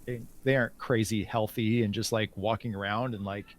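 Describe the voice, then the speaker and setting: A man talking as an interview guest in casual conversation, halting, with many restarts and fillers. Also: on the low side, fairly even intonation.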